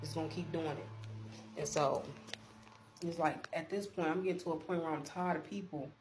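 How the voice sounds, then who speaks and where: Emphatic woman over a steady hum. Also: low-pitched, moderate pace. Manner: emphatic, animated retelling, keeps addressing viewers; preachy encouragement. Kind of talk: storytime vlog, talking to viewers.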